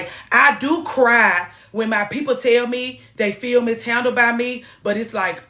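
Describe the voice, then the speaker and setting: A woman giving blunt, profane, animated relationship advice on a live stream. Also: on the high side, normal speed, few pauses, echoey room.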